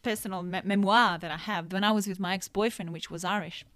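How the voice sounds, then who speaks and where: A woman from Italy, chatting as a guest nutritionist in an animated, expressive way. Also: medium pitch, quick pace, dry recording. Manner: animated, expressive, laughs readily. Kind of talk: casual podcast chat.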